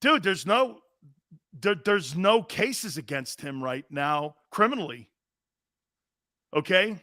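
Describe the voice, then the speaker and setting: A man hosting a sports talk show, telling stories in a loose, animated way and slipping into squeaky impressions. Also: slow, no room sound, clean studio sound. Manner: animated storyteller, does squeaky impressions and shouts. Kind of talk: casual sports radio talk.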